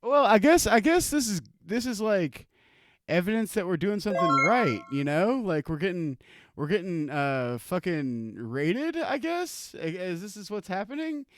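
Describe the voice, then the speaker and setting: A man streaming live, reacting to a video with sarcastic, animated commentary and frequent laughter. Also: sits high, a little slow.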